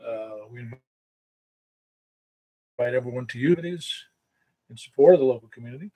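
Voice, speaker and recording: A man's voice: mid-range voice, fairly quick, dark tone, low-quality recording. A man acting as net control on a ham radio net, chatting casually and rambling with self-corrections. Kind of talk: casual on-air radio chat.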